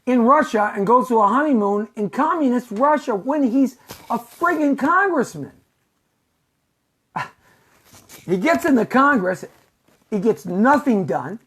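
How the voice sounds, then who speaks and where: A woman hosts a political talk show in a sarcastic, rambling rant full of stammers and repeats. Her voice is husky and breathy. Her pitch swings widely as she goes. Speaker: host.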